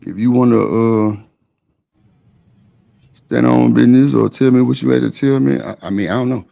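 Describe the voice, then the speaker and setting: A man's voice: medium pitch, fairly even intonation, normal speed, vocal fry, dark tone. A man hosting a casual live-stream panel, talking in a blunt, defensive, slangy way.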